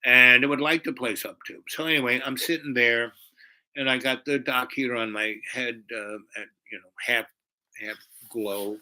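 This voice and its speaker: A man telling a personal story in a casual, rambling way, animated and full of fillers. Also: medium pitch, normal speed, rough recording.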